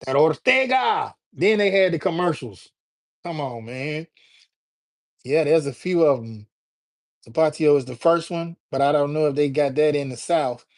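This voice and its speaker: A middle-aged man runs a casual live stream, talking straight to his chat in a loose, joking manner full of slang. His voice sits a little higher than most men's, and the sound is close and dry. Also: moderate pace, no echo. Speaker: livestream host.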